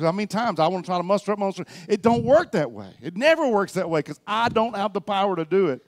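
A middle-aged man preaching a sermon as pastor, swinging between loud exhortation and quiet reflection. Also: sits high, lively intonation, fairly quick, hardly any pauses.

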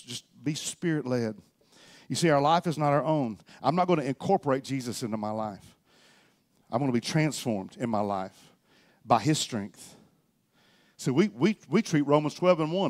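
Lively preaching man with a drawl. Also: on the high side. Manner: lively preaching, swings from loud exhortation to quiet reflection. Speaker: pastor. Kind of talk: sermon.

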